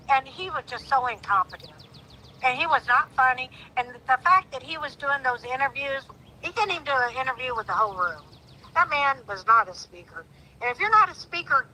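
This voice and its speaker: A woman in her sixties with a very bright, sharp voice, sitting a little high in pitch. She calls in to a live stream and speaks earnestly and pleadingly. Her voice climbs steeply whenever she turns indignant. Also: low-quality recording. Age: 60s. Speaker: caller. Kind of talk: emotional call-in on a live stream.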